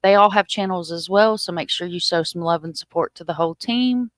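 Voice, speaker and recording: Woman, stream host, slightly low voice, joking and loose, dry close sound. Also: a little fast, few pauses, dry recording. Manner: loose, joking, swears casually. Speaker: channel host. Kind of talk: casual livestream chat.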